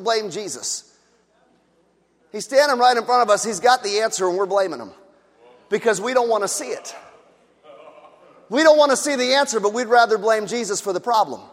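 A man's voice: very high-pitched, a bit bright. A man preaching a sermon with emphatic repetition and rhetorical questions to the congregation. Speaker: pastor. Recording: echoey hall with long reverb.

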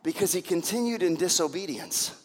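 A man preaching a sermon, telling scripture stories in an animated way and acting out the voices of the people in them. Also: high voice, brisk, breathy edge, in a large hall. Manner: animated storytelling with acted-out voices. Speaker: pastor.

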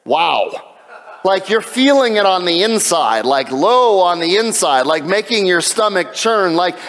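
High-voiced preaching man in a reverberant hall. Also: a little slow. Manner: animated preaching with jokes and asides. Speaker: pastor. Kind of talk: sermon.

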